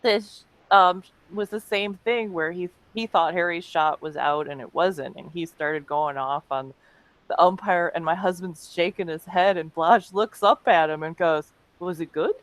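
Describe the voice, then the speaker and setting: A woman's voice: lowish voice, measured pace, no echo. A woman co-hosting a comedic webcast, telling chatty anecdotes and laughing often. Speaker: co-host. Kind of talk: casual comedic chat.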